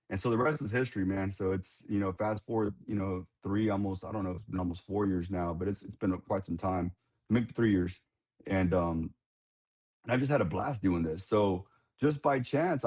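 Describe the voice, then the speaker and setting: Low-voiced veteran man telling stories. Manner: animated storyteller, many restarts and quoted voices. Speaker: guest, retired Marine veteran. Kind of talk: casual storytelling interview. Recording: dull lo-fi sound.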